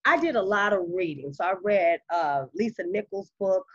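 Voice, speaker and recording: A woman with a husky voice tells her story in a casual interview, acting out quoted lines with sudden leaps in pitch. The audio is slightly dull and lo-fi. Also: moderate pace. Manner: animated, acts out quoted dialogue with big pitch jumps. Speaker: guest.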